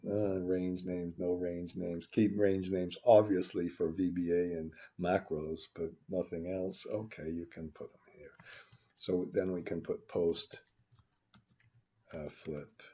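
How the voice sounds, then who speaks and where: Speaking at a measured pace in a low, husky, dark voice with flat delivery, an older man walks through a spreadsheet finance lesson. He rambles, mutters complaints, and often starts over, all captured as a screen recording with dull lo-fi sound.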